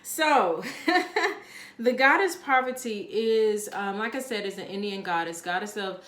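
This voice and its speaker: A woman's voice: mid-range voice, unhurried, a bit bright. Woman doing a tarot pick a card reading, rambly and chatty, medium voice, echoey room. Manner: chatty, rambling, frequent fillers and laughs.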